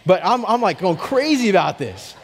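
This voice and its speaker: Male pastor, sermon, animated storytelling, slightly high voice, long hall reverb. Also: normal speed, slight background noise. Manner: animated storytelling, swings from hushed to excited.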